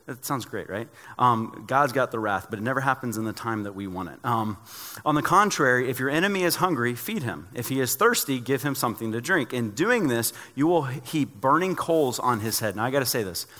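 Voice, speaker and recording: Pastor, male, mid-pitched, lively sermon delivery with acted dialogue, reverberant hall sound. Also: a little fast. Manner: animated storytelling, acts out dialogue.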